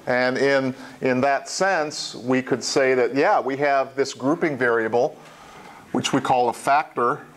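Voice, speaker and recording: A man's voice: medium pitch, a little slow. A man teaching a college statistics class, explaining plainly, repeating key points and adding small asides. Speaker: statistics instructor. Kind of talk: classroom lecture.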